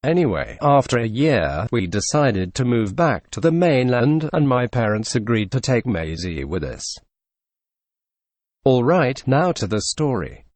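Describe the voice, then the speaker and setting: A man narrating a story read from an online forum, in an expressive voice-over with sarcastic asides. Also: mid-range voice, a little slow, no room sound. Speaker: narrator reading a reddit story.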